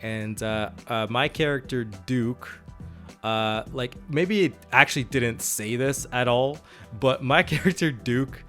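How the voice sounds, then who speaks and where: A man's voice: medium pitch, sharp tone. A man co-hosting a tabletop gaming podcast, rambling through his points with many fillers and restarts. He laughs often as he talks, and faint music plays behind him. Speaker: podcast co-host. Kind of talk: casual chat about tabletop role-playing.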